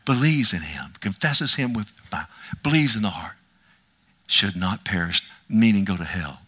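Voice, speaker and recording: Bright-voiced, impassioned male pastor preaching. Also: on the low side, sing-song, a little slow, breathy edge. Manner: impassioned, swinging from loud declarations to hushed whispers; calls out "Amen?" to the congregation. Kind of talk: sermon.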